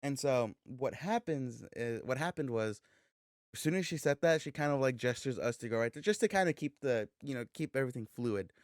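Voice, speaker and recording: A man co-hosting a podcast, telling a story in a loose, animated way, swearing freely and acting out the dialogue. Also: medium pitch, brisk, no echo, studio quality. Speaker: podcast co-host. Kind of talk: casual storytelling chat.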